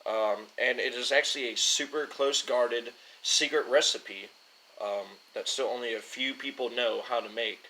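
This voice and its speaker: A man's voice: medium pitch, steady tone, moderate pace, bright, forceful tone, a little hiss or hum, low-quality recording. A young man casually rambling as host of a whiskey-tasting talk, fumbling names and joking at himself. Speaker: show host.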